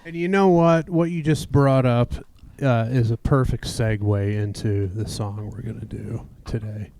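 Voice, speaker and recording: A man's voice: medium pitch, steady tone, a little slow, vocal fry, warm tone, slight background noise. A man hosting a casual podcast chat, easygoing as he loosely steers the talk toward the next topic. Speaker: host.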